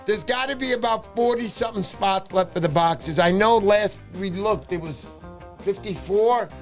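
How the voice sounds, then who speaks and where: A man hosting a fishing livestream, talking fast and excitedly, shouting cheers and pitching memberships. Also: soft background music. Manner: loud, hyped, shouting cheers. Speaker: livestream host. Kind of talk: excited casual livestream chat.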